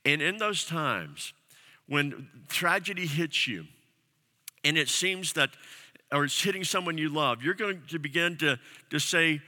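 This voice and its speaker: A man preaching from the pulpit with an earnest, emphatic delivery, driving his points home through repetition and questions. His voice sits a little high and rings very bright. The recording carries the long reverb of a church hall. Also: animated, measured pace. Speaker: pastor. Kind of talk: sermon. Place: church sanctuary.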